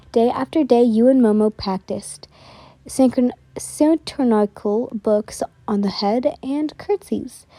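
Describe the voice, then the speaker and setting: A young woman telling a whispered role-play story softly, giggly and easily flustered, close to the mic. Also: fairly high pitch, no room sound.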